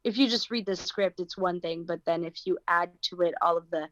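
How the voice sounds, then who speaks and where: A woman's voice: on the low side, brisk, dry recording, highs cut off. An actress with an American accent, talking thoughtfully in an interview and searching for her words. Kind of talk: casual interview talk.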